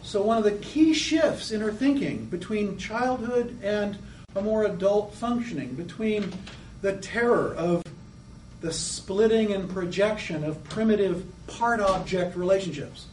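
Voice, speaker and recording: A man gives a lecture in a high, animated voice and slips into little acted-out voices of children to make his points. The sound is roomy and echoey. He is set back from the microphone, with a faint hum of room noise behind him. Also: a little slow. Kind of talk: lecture on psychoanalytic theory. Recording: echoey room, mic at a distance.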